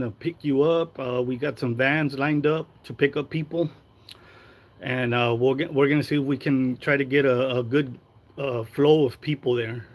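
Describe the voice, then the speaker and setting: A man's voice: a little high, low-quality recording. A man hosting a casual gossip livestream, crude and rambling, dropping into Spanish slang. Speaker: live-stream host.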